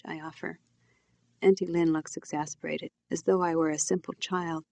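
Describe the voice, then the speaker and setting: A woman reads her novel aloud in a quiet, reflective first-person voice. Her tone is low and mellow. The sound is dry and close to the mic, with no room around it. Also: little pitch movement, normal speed, creaky, no echo. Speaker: author reading her novel. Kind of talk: audiobook narration.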